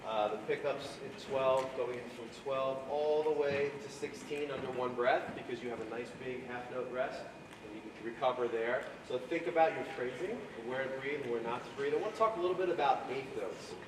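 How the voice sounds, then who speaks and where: A man's voice: medium pitch, brisk. A man running a jazz band clinic, coaching players on balance and phrasing, singing swing syllables and counting off the band. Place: school band room or hall. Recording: echoey room, mic from far off, noisy.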